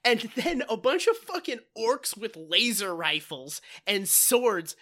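A man co-hosting a podcast, excitedly retelling a story in casual, swearing, laughing chat. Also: sits high, takes it slowly. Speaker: podcast co-host.

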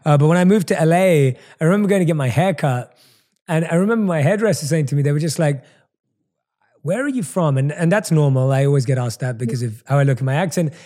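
A man's voice: on the high side, fast, warm tone. A man from London with a London English accent, hosting an interview, effusive and repeating himself as he praises. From London, England. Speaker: interviewer host. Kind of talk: interview conversation.

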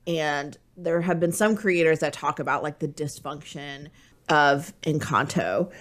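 A woman co-hosting a podcast, talking in a chatty, playful way with animated asides. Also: deep voice, a little slow. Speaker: podcast co-host. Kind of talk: casual podcast chat.

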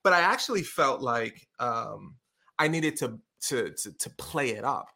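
A middle-aged man with a bright, forceful voice tells stories in a relaxed conversation. He slips into quick impressions of what others said, keeping his delivery lively. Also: mid-range voice, vocal fry. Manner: animated storyteller, acts out quotes. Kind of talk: casual conversation.

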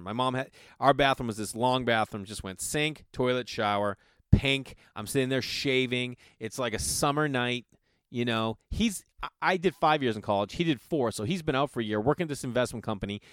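A man's voice: no echo, clean studio sound. A middle-aged man telling a long comic story, acting out the voices of the people in it. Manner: animated, acts out quoted friends with big pitch jumps. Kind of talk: storytelling stand-up.

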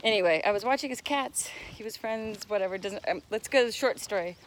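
A woman co-hosting a casual talk, telling a story with lively, laughing delivery while out on a walk. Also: mid-range voice, fast talker, slight background noise. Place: outdoors on a walk.

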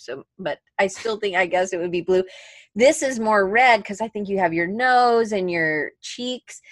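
A woman's voice: medium pitch, no room sound. Chatty woman, rambling and dry. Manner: rambling, self-correcting, chatty. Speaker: podcast co-host. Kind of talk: casual chat.

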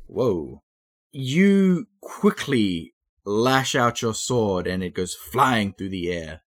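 A man narrating slowly and measuredly as game master of a tabletop game. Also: on the low side, very animated.

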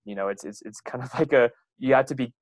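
A man's voice: mid-range voice, fast talker, dry recording, poor audio. A young man, a runner, telling rambling stories about his coach with lots of fillers and laughs. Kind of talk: casual storytelling.

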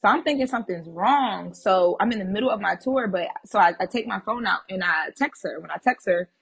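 A woman guest on a podcast, telling a personal story in a casual, animated and blunt way, swearing freely. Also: medium pitch, a little fast, vocal fry, husky.

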